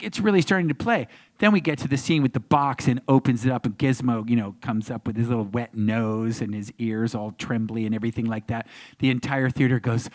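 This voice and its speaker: A man guesting on a convention panel, telling a story with lively acted-out crowd voices. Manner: acts out crowds and voices, big pitch jumps. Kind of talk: animated storytelling.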